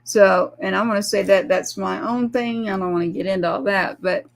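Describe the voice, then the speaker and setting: A woman's voice: medium pitch, fairly even intonation, moderate pace, creaky. A middle-aged woman, telling a rambling, earnest personal story as a guest and acting out the people she quotes. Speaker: guest, military mother.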